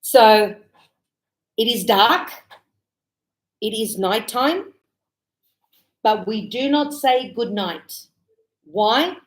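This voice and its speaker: A woman teaching an English class, speaking slowly and clearly and acting out greetings as examples. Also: fairly high pitch, animated, low-quality recording. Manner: slow, clear, explaining with acted greetings. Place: Australia.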